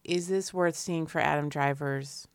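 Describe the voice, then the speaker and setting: A woman with a low voice talks through a film in a relaxed podcast chat, thinking out loud. The sound is dry and close, with no room echo. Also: measured pace, smooth. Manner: chatty, musing aloud with fillers. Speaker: podcast co-host. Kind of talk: casual movie review chat.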